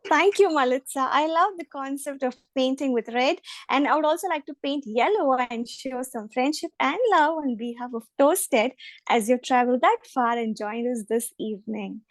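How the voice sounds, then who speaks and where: A woman hosting a speaking club meeting, slow and deliberate, repeating each prompt. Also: high voice, dry recording. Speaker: table topics master.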